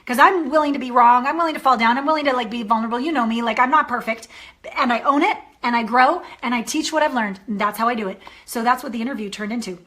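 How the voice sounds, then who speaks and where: Bright-voiced woman dating coach. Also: fairly high pitch, quick pace. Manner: animated storytelling, acting out quoted voices. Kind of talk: coaching talk to a course member.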